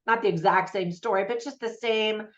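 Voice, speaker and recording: Woman, American, movie reviewer, casual chatty review, conversational asides, mid pitch, dull lo-fi sound. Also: normal speed. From United States.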